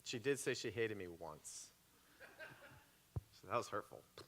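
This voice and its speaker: A man's voice: fairly low pitch, lively intonation, a little slow, a bit bright, slight background noise. Joking, upbeat man pastor. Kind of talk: church Q&A talk. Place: church hall.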